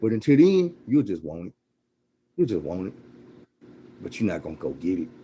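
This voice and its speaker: A man's voice: deep voice, sing-song, moderate pace, dark tone, lo-fi sound, a little hiss or hum. A man telling a motivational story in a blunt, profane, repetitive way.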